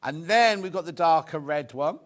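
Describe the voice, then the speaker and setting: A man with a fairly high voice that leaps up and down as he presents fabrics on live shopping television. He chats and rambles, drifting into stories between prices. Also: expressive, moderate pace. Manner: chatty, rambling, full of anecdotes.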